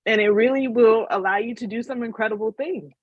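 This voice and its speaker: A woman's voice: fairly high pitch, brisk, no echo, highs cut off. A woman giving a casual motivational webinar talk as a money mindset coach, telling her story earnestly and emotionally.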